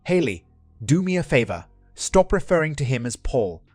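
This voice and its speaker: A man's voice: medium pitch, very animated, moderate pace, no echo, faint music behind, voice pushed up. Guy doing a devoted middle-aged husband, earnest with jokes, dry close sound.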